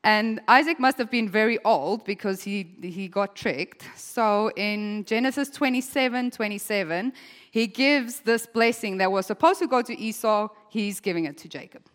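A woman preacher retells a story in a chatty, playful sermon style, laughing often and slipping into voices for the people in it. Her voice sits at a middle pitch. The long reverb of a church hall trails after each phrase. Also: normal speed.

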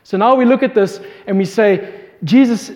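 A pastor whose voice sits high and a little mellow preaches at normal speed. Passionately retelling a scripture story, he asks his listeners questions, and long hall reverb surrounds him.

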